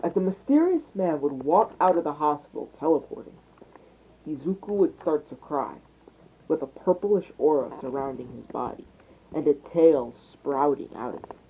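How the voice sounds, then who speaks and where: Young man narrating an improvised fan story; rambling, lively pitch, tinny phone recording. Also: normal speed, slight background noise. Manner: rambling, hesitant, with restarts.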